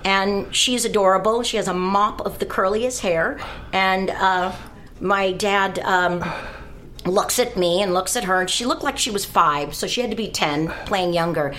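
A woman with a bright, forceful tone tells a stage story as a radio guest. She is animated and acts out voices and bits of song. A faint hiss sits under her voice. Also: medium pitch, unhurried. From California. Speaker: guest performer. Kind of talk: anecdote on a talk radio show.

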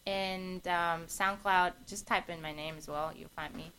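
A woman's voice: fairly low pitch, steady tone, unhurried, fairly bright tone, clean tone, low-quality recording. Young woman singer, hesitant and giggly. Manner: laughs easily, hesitant with fillers. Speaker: singer-songwriter guest. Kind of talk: casual interview chat.

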